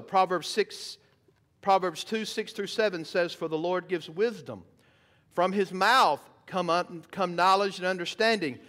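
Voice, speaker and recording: A man's voice: high-pitched, a bit bright. A man preaching a sermon in church, emphatic, asking the congregation rhetorical questions. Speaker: pastor. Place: church sanctuary.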